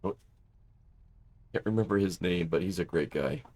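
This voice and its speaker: A man's voice: deep voice, moderate pace, darkish tone. A man from Southern California chatting casually while streaming a flight simulator, making radio calls and rambling with many restarts.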